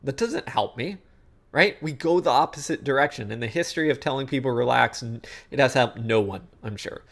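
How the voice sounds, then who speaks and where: A man's voice: mid-range voice, fairly quick, vocal fry, hardly any pauses, fairly bright tone. A man coaching athletes in an instructional talk, explaining ideas conversationally and checking in with the listener often. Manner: conversational, checks in with frequent "okay?" and "guess what?"; acts out inner thoughts in quoted asides. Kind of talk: instructional talk on sports psychology.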